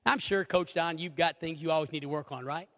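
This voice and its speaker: A middle-aged man preaching a sermon, animated, acting out little conversations and swinging between loud and hushed. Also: a little high, brisk. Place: church sanctuary. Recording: reverberant hall.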